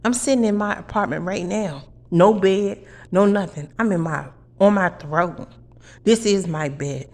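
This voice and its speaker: A woman rants in a heated, profane monologue from her apartment. She preaches and drives her points home by repeating them, in a voice of middling pitch. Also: measured pace, darkish tone. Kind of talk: angry monologue to camera.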